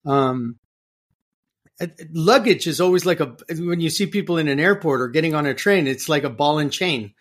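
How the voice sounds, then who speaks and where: An animated man in a relaxed interview, his voice sitting a little high for a man. He circles back over words while finding his phrasing and acts out other people in his stories. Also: normal speed. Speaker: podcast guest. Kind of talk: conversational interview.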